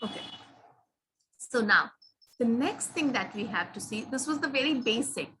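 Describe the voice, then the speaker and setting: A woman's voice: on the high side, animated, moderate pace, pushed and bright, a little hiss or hum, low-quality recording. A woman teaching grammar to students, patient and questioning, stressing key words.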